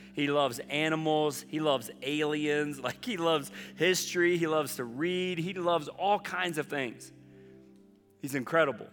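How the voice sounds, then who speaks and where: A man in his thirties, a pastor preaching a sermon in an earnest, conversational way that often drops soft and low. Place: church auditorium. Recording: long reverb of a large hall with faint music.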